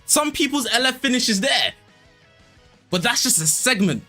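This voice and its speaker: A man's voice: very high voice, very animated, normal speed, sharp tone. A young man doing casual, slangy live commentary over a mobile game as a streamer. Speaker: gaming streamer. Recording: stream with game music behind.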